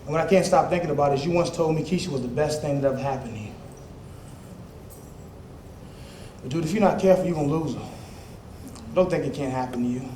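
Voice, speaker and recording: A man plays an angry young man confronting his abusive best friend, with a fairly high voice. He scolds, mocks and erupts into shouting, heard in a roomy indoor space with a faint hum behind. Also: rapid-fire, lightly acted. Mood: grave. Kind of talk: independent film drama acting.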